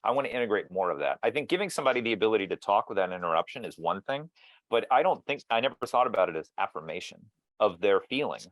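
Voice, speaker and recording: A man's voice: lowish voice, animated, fast, a bit bright, no echo. A man interviewing guests over a video call, thoughtful and musing, with frequent restarts. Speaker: interviewer and mediator.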